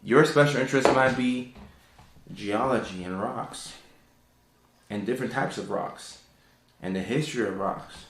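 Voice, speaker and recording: A man's voice: unhurried, pauses often, fairly bright tone, roomy sound. A man hosting a casual live stream, reading viewer questions and explaining neurodivergence, with lots of fillers and repeated words. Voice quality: calls his own voice sultry and low. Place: indoor home room.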